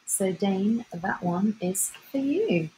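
A woman's voice: mid-range voice, animated, slow, dark tone, slight background noise, low-quality recording. A young woman from Bulgaria with an Australian-sounding accent, chatting playfully and swearing casually while signing autographs on a livestream. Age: young adult.

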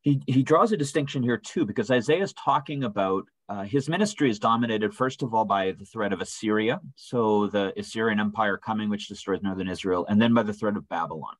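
A man's voice: lowish voice, fairly quick, hardly any pauses, no room sound, low-quality recording. A man leading a church Bible study in a conversational way, often asking "right?" and acting out quoted voices. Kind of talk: informal Bible study teaching. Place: church room.

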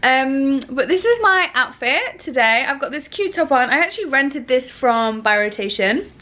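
A young woman chatting excitedly to camera in a casual travel vlog, swearing now and then. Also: sits high, normal speed, poor audio. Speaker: vlogger.

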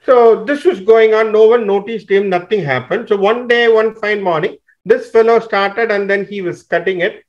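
A man tells a teaching story in a fairly high voice. He talks animatedly and restarts his phrases often. The recording sounds dull and lo-fi. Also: normal speed, hardly any pauses. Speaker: teacher explaining scripture. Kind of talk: storytelling explanation.

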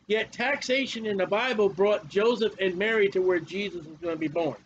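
Fiery high-voiced male preacher. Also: brisk, hardly any pauses, dull audio, slight background noise. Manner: fiery, confrontational, repetitive. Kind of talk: sermon.

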